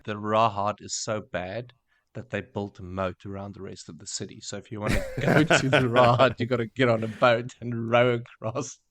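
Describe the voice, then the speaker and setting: A man's voice: lowish voice, flat delivery, moderate pace, a bit bright. A man co-hosting a casual book podcast, dropping jokey asides.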